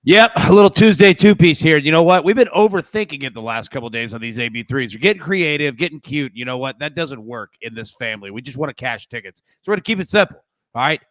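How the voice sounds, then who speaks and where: A man shares a couple of betting picks in a loose, joking, chatty way, as if talking to friends. His voice sits slightly high for a man. The recording is dry and close. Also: lively intonation, fast, dry recording. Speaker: show producer giving a pick. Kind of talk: casual sports betting pick.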